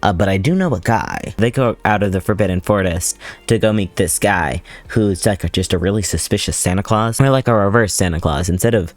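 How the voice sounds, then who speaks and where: A man's voice: lowish voice, fairly quick. A man recapping a movie in a casual, sarcastic, profane, rambling way. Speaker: movie commentator.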